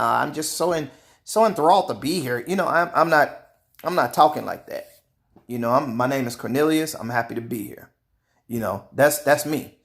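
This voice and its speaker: A man talking straight to his viewers in a casual opinion monologue, animated, laughing often and repeating words. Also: mid-range voice, vocal fry. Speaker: vlogger.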